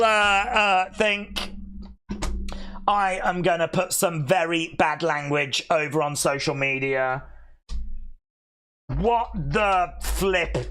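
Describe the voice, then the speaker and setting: Hosting a live wrestling watch-along, a man reacts with theatrical mock despair and sarcasm, wailing and groaning. His voice sits high and a bit bright, with slight background noise behind it.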